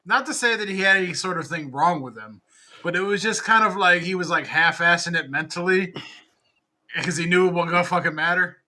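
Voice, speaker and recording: Bright-voiced rambling young man. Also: high voice, fairly quick, poor audio. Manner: rambling, lots of "like", profane. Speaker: podcast co-host. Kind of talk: casual chat.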